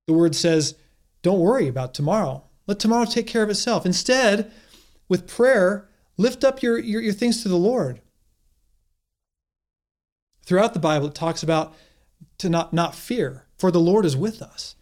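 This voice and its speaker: A man with a notably high voice delivers a sermon. He speaks earnestly and encouragingly, restarting phrases as he gathers his thoughts. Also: normal speed, a little mellow. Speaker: pastor.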